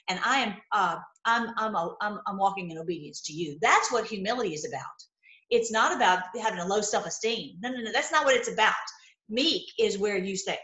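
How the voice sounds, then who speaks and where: A middle-aged woman with a fairly high voice preaches from scripture, reading a verse and then pressing the point with repeated lines. She breaks into excited exclamations. The room around her is echoey and reverberant. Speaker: online Bible teacher.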